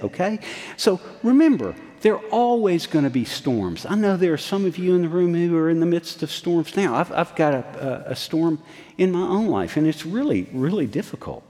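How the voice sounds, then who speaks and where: A man in his sixties, a pastor preaching a sermon, telling a story in a folksy, animated way with frequent restarts. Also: a little high, moderate pace. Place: church sanctuary. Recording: long hall reverb.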